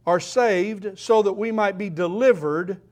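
Male preacher, high voice, slow delivery, emphatic repetition, sermon in church. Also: darkish tone. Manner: slow, emphatic, repeats key phrases.

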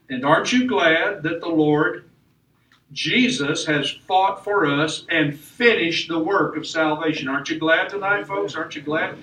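A man with a high, bright voice preaches a sermon, driving his points home with emphatic rises and falls. He sounds like he's standing a way back from the mic, and the church room around him echoes. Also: far from the mic. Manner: emphatic preaching with rising and falling delivery. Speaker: pastor.

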